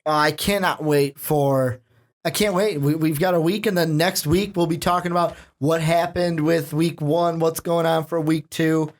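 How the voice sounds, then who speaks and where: A man's voice: on the high side, moderate pace. Chatty male sports podcast host. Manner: joking, animated, asks questions. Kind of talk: casual sports podcast chat.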